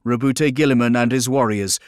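Male audiobook narrator, measured and even, dry booth sound. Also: mid-range voice, smooth, no room sound. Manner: steady, measured storytelling. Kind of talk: scripted narration.

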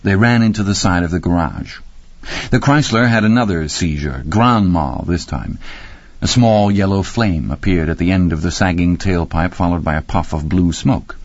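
A man reading an audiobook in a wry, expressive storytelling manner. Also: low voice, moderate pace, no room sound. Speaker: audiobook narrator. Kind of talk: scripted narration. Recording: dry, slightly muffled recording.

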